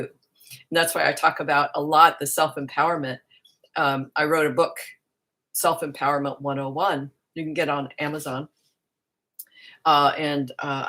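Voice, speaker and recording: Low-voiced earnest woman teaching spirituality. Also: fairly bright tone. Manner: earnest, musing, circling back on her words. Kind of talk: reflective spiritual talk to camera.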